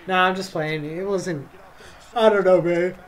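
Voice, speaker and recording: A young man with a high voice reacts to a football game for his channel, talking in a slow, drawn-out way. He yelps and groans at the plays and tacks "bro" onto almost everything. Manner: excitable, yelps and drawls "bro" constantly. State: tired, yawning. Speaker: reaction video host. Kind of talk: casual game reaction commentary.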